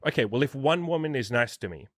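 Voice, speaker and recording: Speaking fast and expressively at a medium pitch, a thirtysomething man plays dating coach and interview host, keeping the chat casual, blunt, emphatic and heavy on profanity. The sound is dry and studio-clean.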